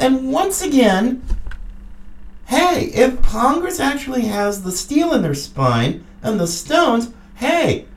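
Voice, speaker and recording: Female podcast host with a mocking, angry political rant, a very lively swinging pitch and an unhurried delivery. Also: far from the mic, slight background noise. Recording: echoey room.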